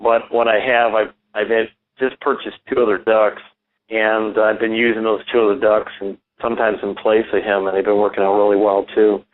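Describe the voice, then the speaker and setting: A man's voice: on the low side, little pitch movement, normal speed. A man who is a ventriloquist and school speaker, talking enthusiastically as a radio guest, rambling with many restarts. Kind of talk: casual radio interview. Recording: tinny phone-line sound.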